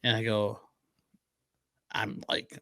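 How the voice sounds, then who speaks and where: A man's voice: fairly low pitch, monotone, slow, gravelly, sharp tone, no echo, studio quality. A man co-hosting a podcast who reads an ad and tells a family story in a chatty way, laughing as he talks. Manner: chatty, laughs while telling stories. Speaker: podcast co-host. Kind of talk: casual podcast chat.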